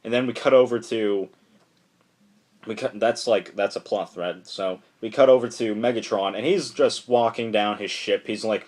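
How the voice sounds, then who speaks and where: A man excitedly recapping a comic book issue in a casual, rambling way, full of "like" and restarts. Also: lowish voice, normal speed. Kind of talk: casual enthusiastic plot recap.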